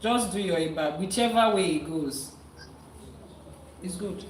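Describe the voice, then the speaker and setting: A woman's voice: lowish voice, measured pace, a little hiss or hum. A woman leading a live-streamed spiritual session as an Ifa priestess, coaxing and teasing her guest and chanting prayers. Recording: roomy sound from a distant mic.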